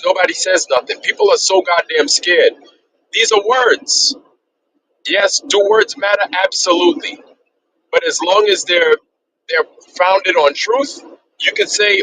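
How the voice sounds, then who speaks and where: Streamer, male, high bright voice, profane repetitive rant, faint background hiss. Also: rough recording. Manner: heated, profane, repetitive ranting. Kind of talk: ranting livestream monologue.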